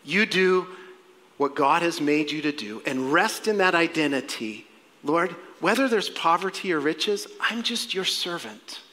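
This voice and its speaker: A man preaching a sermon as pastor, swinging from loud exclamations to quiet, earnest appeals to the congregation. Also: on the high side, lively intonation, measured pace. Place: church sanctuary. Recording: long reverb of a church hall.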